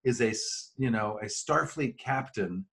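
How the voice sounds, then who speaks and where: A man co-hosting a rewatch podcast in easygoing conversation. His voice is a middle-pitched male voice. He muses reflectively and often restarts his sentences. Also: measured pace, fairly bright tone. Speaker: podcast co-host. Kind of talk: casual chat.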